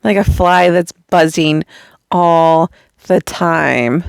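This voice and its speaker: A woman's voice: fairly low pitch, takes it slowly, creaky, clear, resonant tone. A woman vlogger talking casually to the camera, rambling and repeating herself as she tells personal stories, often laughing. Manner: rambling, repetitive storytelling with frequent laughs. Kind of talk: casual personal vlog monologue.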